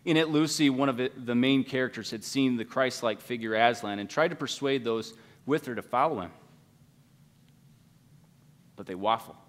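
A man preaching a sermon as pastor, swinging between loud, urgent appeals and hushed, quiet passages. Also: mid-range voice, moderate pace, long pauses. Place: church sanctuary. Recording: long hall reverb.

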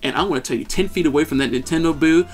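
Excitable storytelling man, a bit high. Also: racing. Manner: animated, excitable, shouts at peaks. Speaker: podcast co-host. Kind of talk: casual storytelling chat.

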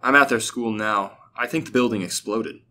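A man's voice: lowish voice, normal speed, sharp tone, slight background noise. A man voicing a dazed, outraged young man who speaks up in a raised voice. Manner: dazed then incredulous, raised voice.

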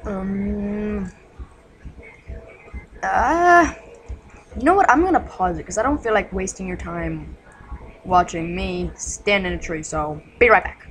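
A woman giving casual gameplay commentary at home, excitable and jittery, yelling insults at game monsters. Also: mid-range voice, takes it slowly, pauses often, a little hiss or hum, low-quality recording. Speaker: gaming channel host.

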